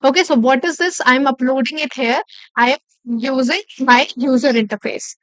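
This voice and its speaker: A woman with a high voice teaches a live online class, walking through each point step by step. She repeats key phrases and keeps checking in with "okay". The sound is close and dry, with no room around it. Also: moderate pace, fairly bright tone, no room sound. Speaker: instructor.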